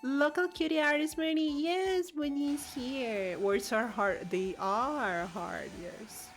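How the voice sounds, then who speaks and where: A woman's voice: high-pitched, takes it slowly, faint music behind. A woman streamer, chatting casually and playfully, reading chat aloud and giggling often. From Latin America. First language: Spanish.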